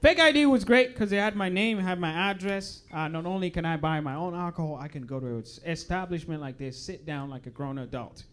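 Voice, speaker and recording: A young man from Uganda, speaking, performs stand-up in a comedy club. His voice sits fairly high, and he is chatty and playful, slipping into low asides. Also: fairly quick, hardly any pauses, a bit bright.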